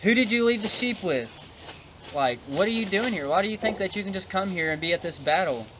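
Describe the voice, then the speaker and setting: An indignant young man put on by a male storyteller firing off rebukes in a raised, pushed-up voice, harsh and quick. the pitch sits well above a normal speaking voice and the delivery crowds each question into the next. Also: expressive, noisy background. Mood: angry. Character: angry older brother, young man, scolding.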